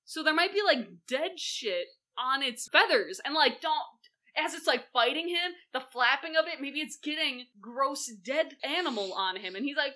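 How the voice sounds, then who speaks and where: A young woman co-hosting a casual film chat, animated and acting out lines in quick impressions. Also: high voice. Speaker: podcast co-host.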